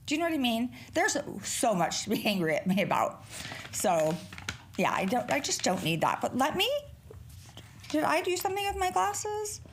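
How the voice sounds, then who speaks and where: A middle-aged woman hosting a podcast alone, chatting casually in a rambling, profane way. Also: medium pitch. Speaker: podcast host. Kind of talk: casual solo podcast chat.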